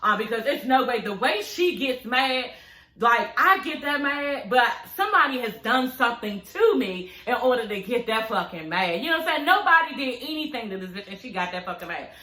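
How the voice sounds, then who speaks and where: A woman recapping a reality TV show in a sassy, profane, animated way, talking straight to her viewers. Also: on the high side, fairly quick, roomy sound. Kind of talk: casual, profane recap chat.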